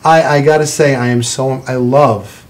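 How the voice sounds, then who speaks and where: A man's voice: mid-range voice, fairly even intonation, normal speed. A man hosting a studio talk show, praising his guests in an effusive, rambling way. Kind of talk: chatty studio interview. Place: television studio.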